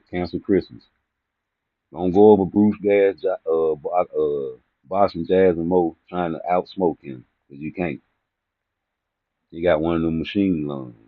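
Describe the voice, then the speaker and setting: Low-voiced man on a tinny phone recording. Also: no echo. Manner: rambling, profane, teasing, laughs at own jokes. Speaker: boxing commentary vlogger. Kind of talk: casual comedic rant to camera. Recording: tinny phone-like dry sound.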